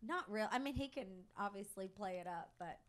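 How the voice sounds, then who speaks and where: A woman in her thirties with a Southern US accent, a podcast guest chatting in a bubbly, gushing way with quick laughs. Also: medium pitch, lively intonation, a bit bright. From American South. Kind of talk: casual interview chat.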